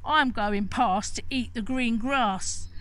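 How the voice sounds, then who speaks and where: A woman voicing a big, bold male billy goat in a storybook tale, speaking loudly and firmly. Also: fairly high pitch, takes it slowly, clean tone. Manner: loud, bold.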